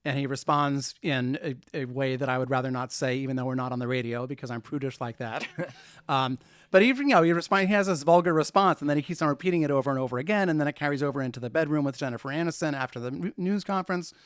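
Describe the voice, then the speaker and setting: A man's voice: mid-range voice, fast talker, clear, resonant tone, no room sound. A man who is a podcast guest, talking about a film in a wry, thoughtful way and laughing often. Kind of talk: casual film chat.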